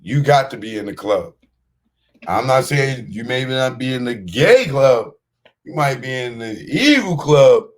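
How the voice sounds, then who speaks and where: A man's voice: mid-range voice, animated, measured pace. A man hosting a show, giving blunt, streetwise commentary on a clip he has just played. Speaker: podcast host.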